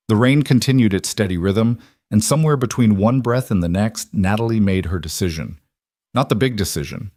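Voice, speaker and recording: A man reading a scripted story in a measured, gentle way. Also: lowish voice, no echo, studio quality. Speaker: narrator. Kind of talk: scripted narration.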